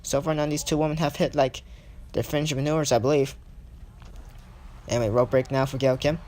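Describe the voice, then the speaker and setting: A man's voice: mid-range voice, flat delivery, fast talker, darkish tone, slight background noise. A young man giving casual, self-correcting play-by-play commentary over his own game footage. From not British. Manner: hesitant, self-correcting, thinks aloud.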